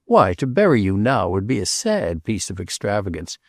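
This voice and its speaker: A man voicing a brash, cheerful self-made gentleman who talks heartily. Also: on the low side, big pitch swings, moderate pace, no echo, clean studio sound. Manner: hearty, jovial.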